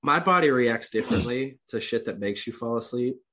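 A young man co-hosts a podcast in casual chat, his medium-pitched voice expressive, brisk, and sharp. He is congested and coughing, clears his throat often, and speaks bluntly while swearing freely.

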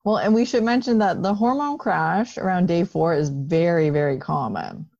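A woman with a very low voice talks in a casual chat. She speaks in a reflective way and keeps checking in with her listener. The recording is dry and a little dull. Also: normal speed, gravelly, a little mellow, dry recording. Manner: conversational, reflective, often ends with "right?". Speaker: podcast co-host.

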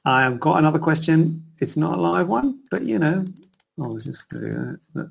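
This middle-aged plastic surgeon's voice is fairly high and sing-song, with a creaky, breathy edge and a moderate pace. He answers questions in a live session from his computer, rambling chattily and interrupting himself.

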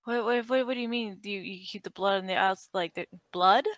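A woman playing a tabletop role-playing game, animated and asking quick questions, sometimes speaking as her character. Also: mid-range voice, no echo. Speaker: player.

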